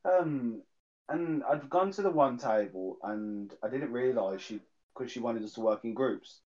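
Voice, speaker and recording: Animated young guy, lo-fi sound. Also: medium pitch, measured pace. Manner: animated, acts out quoted voices, swears freely. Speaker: guest, childhood friend. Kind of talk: casual storytelling chat. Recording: dull lo-fi sound.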